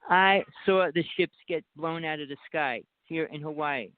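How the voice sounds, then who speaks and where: A man's voice: fairly high pitch, normal speed, no echo. A man with a New Jersey accent, a guest talking insistently in a rambling phone conversation and pushing on over interruptions. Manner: insistent, talks over the other speaker. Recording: dry tinny phone line.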